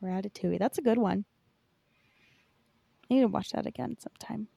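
A woman's voice: mid-range voice, a little fast, creaky, mellow, no echo. A young woman co-hosting a podcast in casual chat, rambling with lots of fillers and casual swearing. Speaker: podcast co-host.

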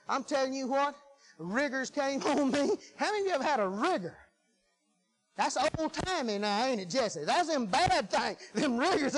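A man preaching a sermon in a folksy, emphatic way that swings from loud to hushed. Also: very high voice, very animated, normal speed, poor audio.

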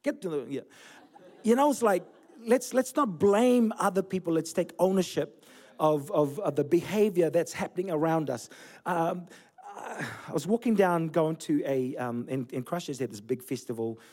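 A man in his forties, originally from Fiji, preaching a sermon as pastor with animated storytelling and self-deprecating humor. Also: fairly high pitch, moderate pace. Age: 40s. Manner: storytelling, animated, laughing at himself. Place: church.

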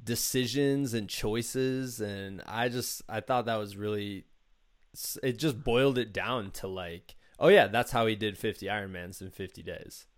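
A man's voice: lowish voice, measured pace, no room sound, clean studio sound. A man hosting a podcast, chatting casually and loosely, often saying "like". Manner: relaxed, heavy use of "like". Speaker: podcast host. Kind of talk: casual chat.

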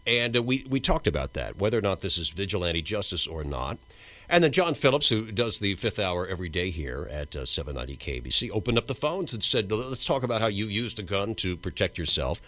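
A man's voice: sits low, sing-song, a little fast, fairly bright tone. A man hosting a talk radio call-in show, joking and needling his callers.

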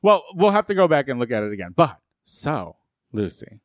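A man co-hosts a podcast, chatting casually in an animated, gossipy way. His voice is mid-range at a normal speed, recorded at studio quality with no room sound.

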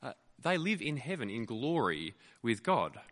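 A male pastor preaching a sermon, telling stories in an animated way with frequent fillers, in a lecture theatre used as a church. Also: mid-range voice, unhurried, in a large hall. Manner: animated storytelling with many fillers.

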